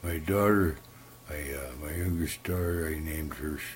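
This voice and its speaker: An older man telling folksy stories in a slow, halting, soft-spoken way with many fillers. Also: rumbling low, slight background noise. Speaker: storyteller. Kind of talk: casual folksy storytelling.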